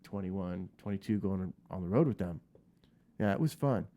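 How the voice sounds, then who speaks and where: A man in his fifties, a guest guitarist in a casual interview, telling lively stories with frequent restarts. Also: low voice, moderate pace.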